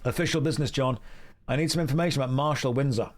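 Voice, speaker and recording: A man's voice: mid-range voice, very fast, voice pushed down, natural voice. A blunt male adventurer brushes off a rambling story, read by a man in his own voice. The delivery is dry and dismissive.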